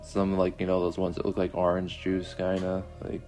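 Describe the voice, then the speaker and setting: A man's voice: low voice, monotone, moderate pace, mellow, faint music behind. A man co-hosting a casual podcast in a laid-back, hesitant way with lots of fillers. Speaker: podcast co-host.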